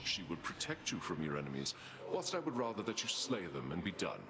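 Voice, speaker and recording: An actor playing a stern, bloodthirsty male war god in a video game, speaking gravely and bluntly. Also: low voice, very animated, fairly quick, fairly bright tone, a little hiss or hum, exaggerated voice. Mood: grim. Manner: grave, blunt, relishing violence.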